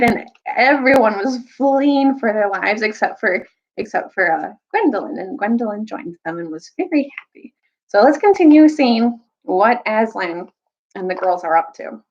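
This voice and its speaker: Brief: young woman, storytime reader, lively kid-friendly delivery, slightly muffled lo-fi sound. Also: breathy edge. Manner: animated, jumps high for quoted characters. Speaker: storyteller reading aloud to children. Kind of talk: casual storytime recap and read-aloud.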